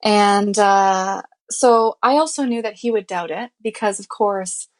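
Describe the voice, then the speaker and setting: Speaking unhurriedly in a mid-range voice, a woman shares her own life story as a guest in a conversational interview. She's candid, earnest, and emotional, reliving what happened and filling her speech with "you know" and "I mean."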